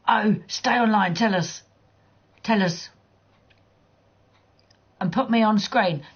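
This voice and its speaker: Gravelly, husky woman streamer. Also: mid-range voice, takes it slowly, long pauses, highs cut off. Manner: blunt, teasing, swears freely, laughs often. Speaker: livestreamer. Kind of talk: casual chat while gaming.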